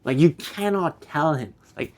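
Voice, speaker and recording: A man's voice: a little high, lively intonation, a little slow. A young man talking to camera in a loose, rambling way, full of restarts, casual slang and swearing. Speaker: vlogger. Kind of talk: rambling philosophical monologue to camera.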